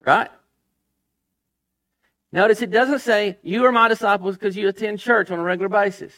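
A man's voice: high voice, fairly even intonation, normal speed, fairly bright tone. A man preaching a sermon as pastor, emphatic, reading scripture aloud and dropping his voice for stress.

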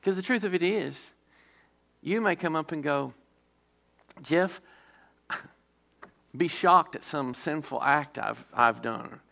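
A male pastor preaches in a gravelly, somewhat high voice, hitting key words hard before slipping into quieter, slower asides. Rhetorical questions to his listeners come up often.

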